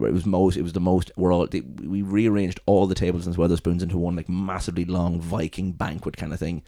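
A young adult Irish man in casual chat, telling a story in a rambling, animated way and swearing freely. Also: low voice, fast talker, few pauses, dry recording, clean studio sound.

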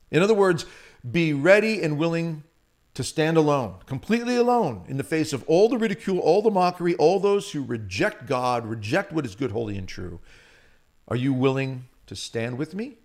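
A man preaching a Catholic sermon with passion, moving between loud emphasis and hushed asides. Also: a little high, very animated, normal speed.

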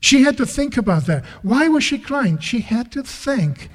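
A man with a notably high voice delivers an impassioned sermon, building his points through repeated rhetorical questions. His words ring out with the long reverb of a large hall. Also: sing-song, normal speed. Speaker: preacher.

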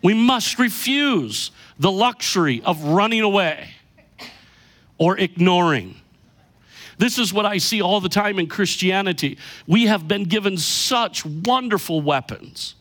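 Pastor, middle-aged man, high-pitched, emphatic sermon delivery. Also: lively intonation, fairly bright tone. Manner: emphatic preaching, slows down for key lines.

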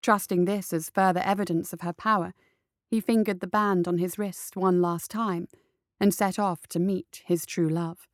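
A woman reading a story aloud in steady scripted narration. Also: fairly low pitch, moderate pace, dry recording, studio quality. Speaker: audiobook narrator.

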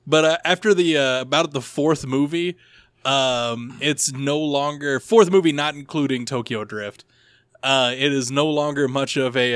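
A man's voice: a little high, fairly bright tone, clean tone, dry recording. Hesitant man full of uhs. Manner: hesitant, lots of uh and like, self-deprecating. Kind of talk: casual chat.

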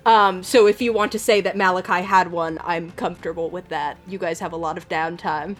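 A woman running a tabletop game as game master, narrating in a relaxed, chatty way with lots of fillers. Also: fairly low pitch, fairly quick, soft background music.

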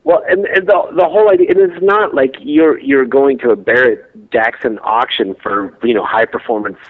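A man's voice: mid-range voice, normal speed. A man in casual chat, reacting with disbelief and rambling through his opinions. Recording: tinny phone-like line.

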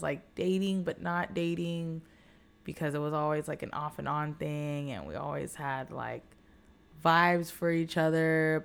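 A woman's voice: sits low, creaky, clean tone. A young woman chatting casually on a podcast, candid and profane, telling a dating story with many fillers. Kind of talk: casual chat.

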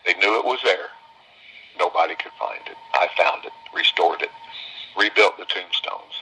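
A man's voice: deep voice, expressive, normal speed, bright, forceful tone, a little hiss or hum, rough recording. A man telling homespun stories to visitors in a folksy way, often repeating phrases for emphasis. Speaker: business owner speaking to visitors. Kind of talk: folksy storytelling talk.

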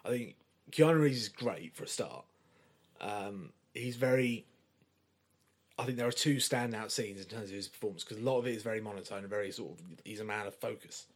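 Low-voiced man chatting about films. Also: fairly quick. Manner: enthusiastic, chatty, swears casually. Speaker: podcast co-host. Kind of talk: casual film discussion.

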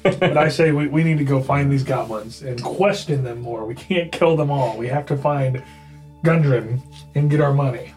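A man at the gaming table, trading jokes with the group in a relaxed, playful way. His voice is a mid-pitched everyday tone, with faint music in the background. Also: normal speed. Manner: jokey, bantering. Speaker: player in a tabletop game. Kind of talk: casual chat while playing.

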